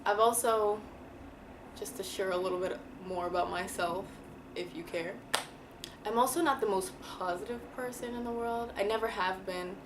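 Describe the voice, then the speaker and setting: A woman's voice: lowish voice, background noise. A woman talking candidly and emotionally to camera in a casual, slangy personal vlog. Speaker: vlogger.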